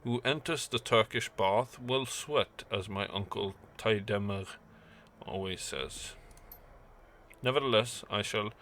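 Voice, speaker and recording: A man's voice: lowish voice, takes it slowly, a bit bright, a little hiss or hum. A man voicing a courtly male information broker who speaks in a polite, ornate way. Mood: courteous.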